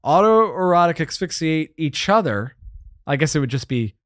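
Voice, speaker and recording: A man hosts a podcast in loose, casual chat. His voice sits a touch high for a man, and he rambles and jokes, often cutting off and restarting his sentences. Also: big pitch swings, normal speed, a bit bright. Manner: rambling, self-interrupting, joking. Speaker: podcast host.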